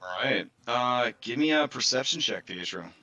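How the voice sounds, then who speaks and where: Bright-voiced man running a tabletop game. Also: medium pitch, moderate pace, slight background noise, low-quality recording. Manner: relaxed narration with fillers. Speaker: game master.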